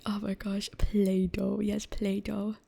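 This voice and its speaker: A young woman streamer whispers an ASMR chat close to the mic, rambling, giggly and self-deprecating as she laughs at herself while reading. Her medium-pitched voice is monotone and slow, gravelly and mellow with a breathy edge.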